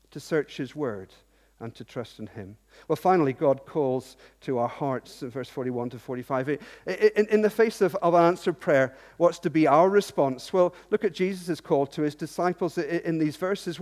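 A fairly high-voiced man preaches an earnest sermon, often stopping to ask rhetorical questions and stumbling over repeated words. His voice rings out with a long reverb that fills a large hall. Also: darkish tone.

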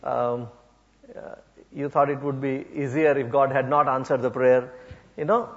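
A man's voice: mid-range voice, fairly even intonation, measured pace. A man from India preaching a sermon, hesitant with many fillers, rising to impassioned emphasis. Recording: muffled sound with long hall reverb.

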